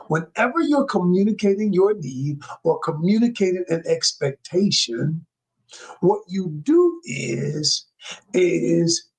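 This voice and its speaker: A man's voice: high voice, husky. A man coaching viewers on a live stream, talking emphatically and repeating his points like a preacher, addressing the audience as y'all. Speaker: communication coach. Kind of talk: live-stream teaching talk. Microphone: live-stream microphone.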